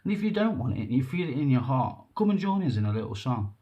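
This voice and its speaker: A man talking to camera in an emotional, rambling monologue, halting and earnest, breaking off and restarting. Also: medium pitch, big pitch swings, mellow, muffled recording. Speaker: vlogger.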